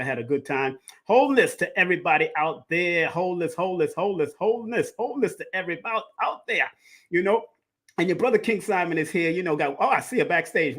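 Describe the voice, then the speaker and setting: A man's voice: high voice, a bit bright. A man from Jamaica hosting a live-stream show, with a sing-song hype MC delivery. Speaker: host. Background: faint reggae music.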